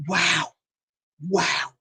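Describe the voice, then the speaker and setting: A woman's voice: extremely slow, sharp tone. A middle-aged woman hypnotherapist telling a personal story in a heartfelt, emotional way on a livestream. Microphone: livestream setup.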